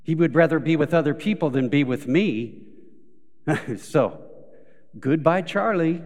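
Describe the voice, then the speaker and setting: A man's voice: on the high side, unhurried, darkish tone. A male pastor preaching a live sermon, telling everyday stories and acting out what people say, building to emphatic peaks before dropping back down. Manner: storytelling with acted quotes, rising to emphatic peaks. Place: church sanctuary. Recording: live church recording with long hall reverb.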